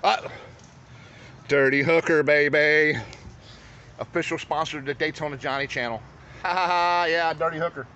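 Loud profane man filming his yard. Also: a little high, fairly even intonation, moderate pace, long pauses. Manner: loud, swearing, slangy, boastful. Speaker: vlogger showing storm damage at home. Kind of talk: casual profane vlog. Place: outdoors at a house yard and street. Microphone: handheld phone camera. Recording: lo-fi phone audio with outdoor noise.

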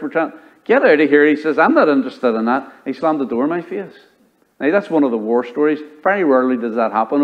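A pastor preaching a sermon, telling stories and acting out the dialogue in them. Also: male voice, on the high side, lo-fi sound. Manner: storytelling preacher who acts out dialogue. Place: church.

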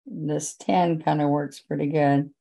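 A woman leads a relaxed painting demonstration, talking the viewer through each stroke in a chatty, gentle way. Her voice is low, dark and gravelly, and she takes her time. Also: measured pace, low-quality recording. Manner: chatty, gentle step-by-step guidance. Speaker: painting instructor.

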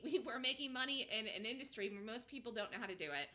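A woman's voice: on the high side, expressive, very fast, few pauses, sharp tone. A woman hosting a live stock market show, talking emphatically, repeating herself, and answering viewers' chat. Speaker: stock trading show host.

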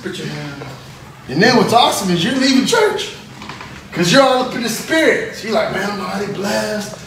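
A man teaching a lively Bible-study sermon in a classroom, animated and laughing often, acting out little voices. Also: sits high, moderate pace. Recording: echoey room from far off, with background noise.

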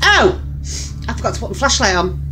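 A woman's voice: fairly high pitch, very animated, brisk, sharp tone, faint music behind. A woman hosting a horror game playthrough, talking to herself in jumpy let's-play commentary, often screaming, swearing and laughing nervously. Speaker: channel host playing a horror game.

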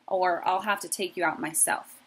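A woman doing a gruff bossy young guard rat. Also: fairly low pitch, steady tone, normal speed, low-quality recording. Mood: stern. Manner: loud, blunt and rude.

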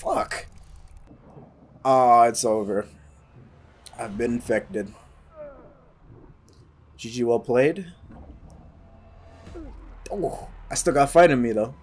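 A young man casually commenting while playing a game, excitable and swearing, yelling at sudden scares. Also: medium pitch, slow pace, pauses often. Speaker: gaming YouTuber.

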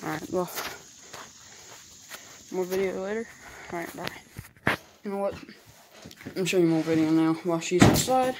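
In noisy home video, a young male vlogger with a faint Southern US accent chats his way through a casual handheld vlog, saying "like" constantly. His high voice keeps a moderate pace and stops often for pauses.

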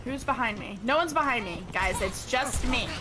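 A young woman streaming a game live, bubbly and giggly, chatting to viewers and now and then bursting into excited shouts. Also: on the high side, normal speed, crowd noise. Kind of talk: live gaming stream chat. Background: game music.

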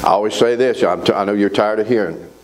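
A man preaching a sermon in a church, folksy and animated, asking the congregation to answer back. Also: lowish voice, fast, slight background noise, low-quality recording. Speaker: pastor. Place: church sanctuary.

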